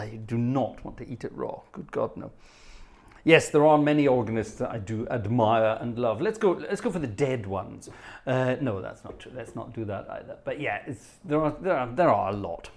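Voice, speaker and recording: A middle-aged British man at a medium pitch, hosting a casual live stream. He reads out viewer questions and answers them in a wry, joking way, with plenty of chatty asides. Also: darkish tone. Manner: chatty and wry, reads comments aloud then jokes back. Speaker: livestream host and organist.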